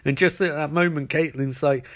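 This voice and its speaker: A man's voice: a little high, steady tone, normal speed, a bit bright. A man giving a rambling comic recap, joking with many restarts.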